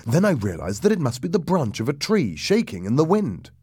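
A man narrating a ghost story aloud in a lively, dramatic reading that drops low and hushed for suspense. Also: brisk, breathy edge, dry recording, studio quality.

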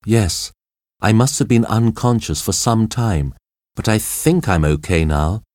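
A man's voice: on the low side, animated, measured pace, a little mellow, dry recording, voice pushed up. Man putting on a young woman reporter, raised voice, alert, storybook reading, dry sound.

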